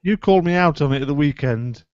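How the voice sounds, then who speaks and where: A man's voice: a little high, expressive, fast talker, a little mellow, no room sound. A man co-hosting a live podcast, joking and teasing. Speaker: podcast co-host. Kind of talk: casual live podcast chat. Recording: dull lo-fi live stream audio.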